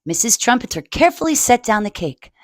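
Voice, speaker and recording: A woman's voice: fairly high pitch, very animated, no room sound. A woman reading a picture book aloud to children and adding her own asides. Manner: slow, adds asides for children.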